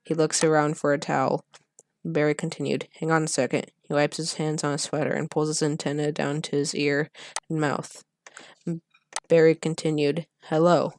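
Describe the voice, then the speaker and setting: A channel host reading a film script aloud in a deadpan monotone, stumbling over words and losing their place. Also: mid-range voice, moderate pace, a little hiss or hum.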